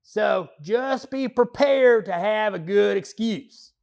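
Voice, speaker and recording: A man's voice: high-pitched, takes it slowly, gravelly, a little mellow, full character voice. A man playing a lazy male car mechanic who proudly dodges work, talking in a rambling, slangy, joking way with loose grammar. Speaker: auto mechanic. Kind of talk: comedy character monologue.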